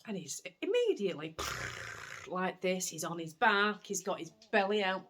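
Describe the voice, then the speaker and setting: A woman with a Yorkshire accent hosting a knitting podcast, telling stories in a chatty, animated way. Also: lowish voice, moderate pace. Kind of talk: casual chat to camera.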